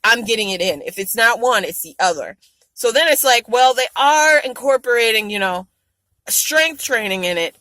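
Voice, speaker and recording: A woman vlogger venting frankly to camera, swearing a lot and growing animated and exasperated. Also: moderate pace, no echo, low-quality recording. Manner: frank, heavily profane venting; animated, rising to high exasperation. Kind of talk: casual vlog rant to camera.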